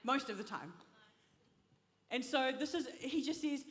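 Lady preacher, high voice, fired up, big echoey hall sound. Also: lively intonation, a little slow, pauses often, fairly bright tone, faint music behind. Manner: impassioned, urges the congregation to repeat after her. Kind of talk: sermon. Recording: long reverb of a large hall.

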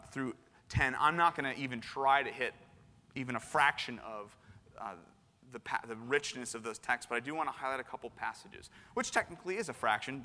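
A man preaching a casual sermon in an animated, slangy way, with frequent restarts. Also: mid-range voice. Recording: long hall reverb.

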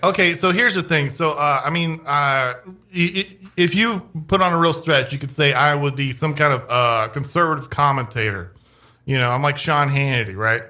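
A man from Texas hosting a casual podcast chat, talking in halting starts and restarts. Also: fairly high pitch, sharp tone.

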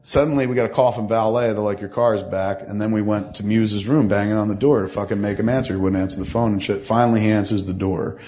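A man's voice: fairly low pitch, fairly even intonation, quick pace, hardly any pauses, mellow. A man casually telling a long, profane, rambling anecdote into a mic, acting out the other people in it. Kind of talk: casual storytelling chat. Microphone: studio mic.

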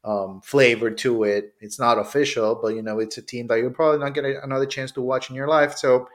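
A male podcast co-host from Honduras, speaking at a middle pitch in casual chat. He gives measured, thoughtful takes and often fills with "you know". His delivery stays calm and even.

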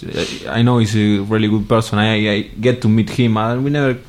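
A man from Argentina, a Spanish speaker, chatting as a guest in halting English with grammar. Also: lowish voice, fairly even intonation. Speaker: guest footballer. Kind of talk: casual interview chat.

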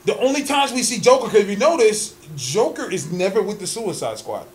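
A man with a very high voice talks in a casual chat, swearing freely and pushing his opinions hard. He laughs easily, and a faint hum of ambience sits behind him. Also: brisk. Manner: animated, profane, opinionated, laughs often.

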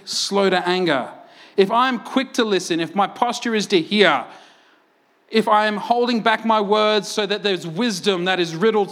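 A man with a high voice preaches to his congregation in a lively, animated way. He fires off rhetorical questions and laughs often between his points. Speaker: pastor. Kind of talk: sermon. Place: church.

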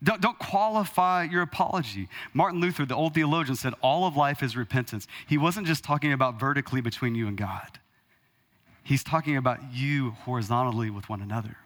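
A man in his thirties preaching a sermon from the pulpit, animated and rhetorical, calling out to the congregation. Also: mid-range voice, fairly quick. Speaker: pastor. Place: church hall. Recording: long hall reverb.

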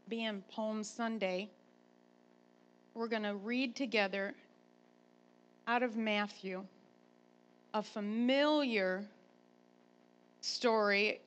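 A woman pastor, a grandmother, preaching a sermon and telling a chatty, animated personal story. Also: a little high, lo-fi sound.

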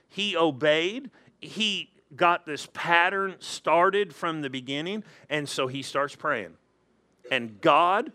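A man preaching a sermon in church, animated and acting out quoted voices. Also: fairly high pitch. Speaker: pastor.

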